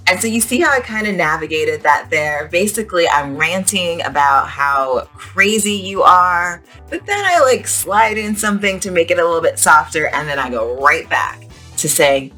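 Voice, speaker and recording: A young woman giving a casual English lesson outdoors at the beach, chatty and animated, with frequent "like"s. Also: low voice. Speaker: English teacher.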